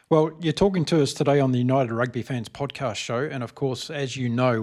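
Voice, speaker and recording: A man hosting a podcast interview, asking questions in a steady, measured way and giving short affirmations while the guest talks. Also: mid-range voice. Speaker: podcast host.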